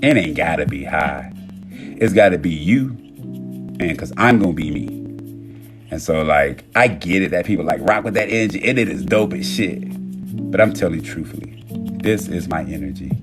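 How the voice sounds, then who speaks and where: A man with a lowish voice talks on a phone live stream, animated and profane, jumping from loud bursts to quiet murmurs. Music plays clearly behind him throughout. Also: moderate pace. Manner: casual and profane. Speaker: TikTok live host. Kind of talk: casual motivational monologue.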